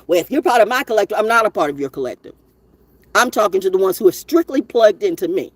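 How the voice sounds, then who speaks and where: A woman's voice: fairly high pitch, dry recording. A woman delivering a profane, confrontational monologue to her viewers. She scolds and rambles, circling back and repeating her points. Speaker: spiritual vlogger. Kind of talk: ranting monologue to camera.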